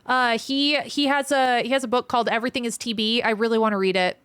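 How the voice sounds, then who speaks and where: This surgical trainee chats casually on a live stream and reads out comments from viewers, speaking frankly, swearing freely, and venting readily. Her pitch runs on the high side with fairly even intonation and a slightly bright, clean tone, recorded dry.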